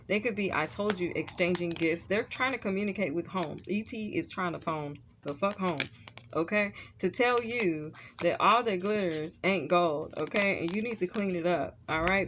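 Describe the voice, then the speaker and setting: A woman's voice: on the low side, noisy background. A woman giving a casual tarot reading, blunt and profane, who laughs often and keeps checking in with "okay?". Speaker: tarot reader.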